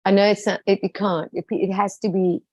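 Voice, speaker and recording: A South African woman telling stories with a lively, chatty manner and acting out the people she quotes. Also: medium pitch, a little fast, no room sound, low-quality recording. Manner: lively storyteller, quotes people in different voices. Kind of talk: casual chat.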